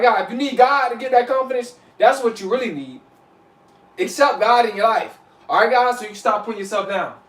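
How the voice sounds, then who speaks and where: A man giving casual spiritual advice as a vlogger, loose and repetitive, saying "you know what I'm saying" often. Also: sits high. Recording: echoey room, mic at a distance.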